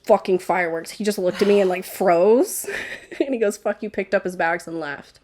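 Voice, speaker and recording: A woman's voice: fairly low pitch, normal speed. Young woman on a podcast telling a wild story, does the voices of everyone in it, lots of laughing. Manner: animated storyteller, acts out quoted voices, laughs often. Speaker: podcast guest. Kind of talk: casual storytelling chat.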